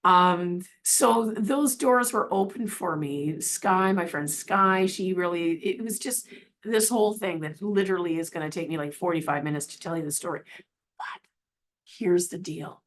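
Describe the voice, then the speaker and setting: A middle-aged woman, a healing practitioner, tells her own story in a casual, earnest, rambling manner, restarting often and wandering into asides. Her voice sits on the low side and moves at a normal speed.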